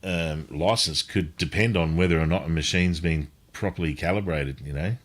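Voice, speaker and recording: A man's voice: deep voice, normal speed. A man chatting casually, rambling with lots of fillers and swearing. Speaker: guest. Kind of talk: casual chat.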